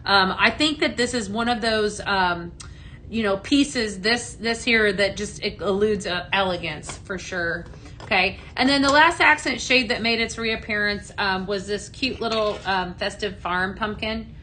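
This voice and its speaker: Hosting a live product-demo stream, a woman speaks at a measured pace in a mid-range voice with a bright, forceful tone, chatting with viewers, responding to comments, and often saying "um." The echoey room carries a little hiss or hum.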